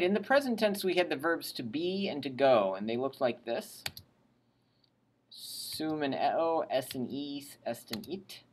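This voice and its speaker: A woman's voice: rumbling low, slight background noise. A woman teaching Latin grammar in a recorded lesson, drilling verb endings aloud and adding chatty, plain asides. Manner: drills conjugations aloud, pausing for students to repeat.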